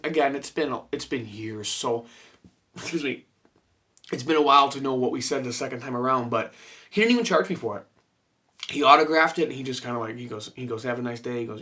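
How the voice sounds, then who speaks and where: A man talking to camera in a room filled with his collection, swapping between his own voice and quoted bits of conversation. His voice sits slightly high for a man, and he talks loosely and animatedly, swears freely and leans on fillers as he goes. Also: bright, forceful tone. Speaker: horror collectibles vlogger. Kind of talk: casual storytelling to camera.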